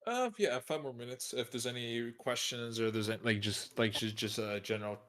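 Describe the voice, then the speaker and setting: A man's voice: medium pitch, brisk, a bit bright. A man who is a game developer, chatting casually on a live stream and often restarting his sentences.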